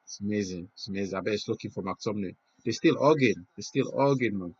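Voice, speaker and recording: A man hosting a football watch-along, reacting live and excitably, swinging between loud cheers and hushed awe. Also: on the low side, fast talker, a little hiss or hum. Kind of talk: emotional live match reaction. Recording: muffled lo-fi home recording.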